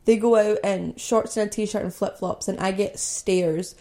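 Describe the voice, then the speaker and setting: A woman's voice: mid-range voice, fairly even intonation, unhurried, mellow. A young woman from Scotland hosting a podcast, telling a personal story in a candid, conversational way with lots of "like" and "you know". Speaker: podcast host.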